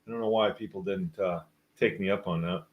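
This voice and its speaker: A man with a fairly low voice hosts a casual livestream, reading out viewer comments as they come in. He talks in a rambling, musing way with a wry edge and drifts between thoughts. His delivery is relaxed and unscripted. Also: fairly quick, muffled recording. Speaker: host.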